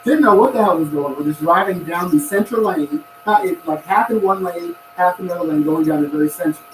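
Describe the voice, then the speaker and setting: A man with a somewhat high voice rambles through his gripes in a casual chat. He sits well back from the mic, and his voice bounces around a roomy space. A steady hiss of noise hangs under everything. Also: fairly quick. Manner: rambling, animated complaining. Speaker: podcast host. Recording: echoey room, far from mic, noisy.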